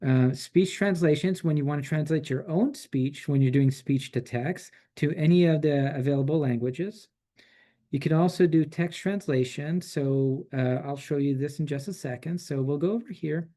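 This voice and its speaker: Man casually demoing software features. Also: on the high side, normal speed. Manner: relaxed, chatty, many fillers and restarts. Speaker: presenter demonstrating software.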